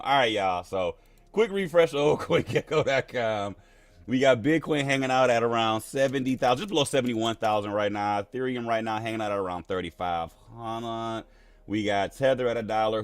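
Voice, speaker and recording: A man's voice: fairly low pitch, dry recording. A man hosting a live crypto stream in a casual, playful, slangy way, laughing often.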